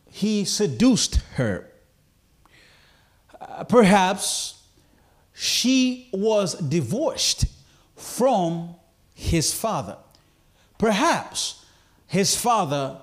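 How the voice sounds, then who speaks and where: A man preaching a sermon, slow and emphatic, building repeated phrases to a climax. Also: a little high. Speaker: pastor.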